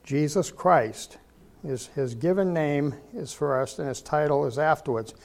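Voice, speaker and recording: An older man preaches in an easygoing, conversational way. He asks his listeners rhetorical questions and often stops and restarts mid-sentence. His voice sits a little high for a man. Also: normal speed, vocal fry, darkish tone. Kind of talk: informal sermon.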